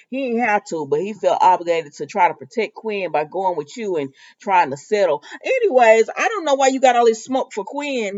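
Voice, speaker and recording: A woman's voice: mid-range voice, a little mellow, highs cut off. A woman giving a casual, sassy recap of a soap opera episode. She laughs often and talks back to the characters.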